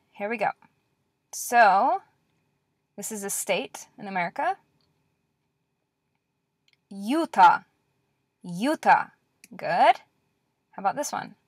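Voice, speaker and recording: A woman teaching a lecture-style language lesson, repeating words slowly and clearly with patient encouragement. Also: on the high side, no room sound, studio quality.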